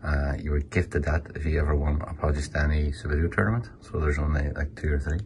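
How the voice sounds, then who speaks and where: Very deep-voiced Derry man rambling. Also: fairly even intonation, fast, a little mellow, slight background noise, low-quality recording. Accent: Northern Irish, Derry. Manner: rambling and offhand, with frequent swearing. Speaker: table football player giving a tour. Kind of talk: casual walkthrough chat. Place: indoor games room filled with memorabilia.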